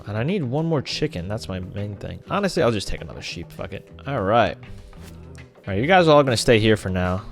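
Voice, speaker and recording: A man giving casual, jokey commentary over his gameplay and talking to the animals in the game. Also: on the low side. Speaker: gaming creator.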